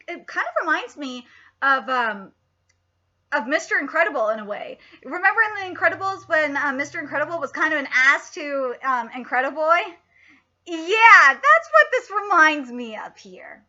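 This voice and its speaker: Excitable woman streamer, very high and bright-voiced, cursing freely in live reaction commentary. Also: moderate pace, lo-fi sound. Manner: excitable, frequent swearing, laughs a lot.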